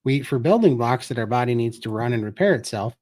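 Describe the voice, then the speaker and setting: A man's voice: mid-range voice, expressive, fast, a little mellow. A man as a guest on a live-stream chat, talking earnestly and explaining things step by step. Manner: earnest, explanatory, tells his story.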